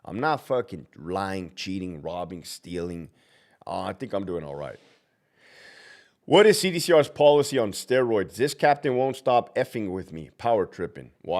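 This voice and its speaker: A man's voice: low-pitched, a little mellow. A man who works as a prison officer, chatting on a live stream and answering viewers bluntly with constant swearing. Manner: talks back to viewers' comments. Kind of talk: casual live-stream chat.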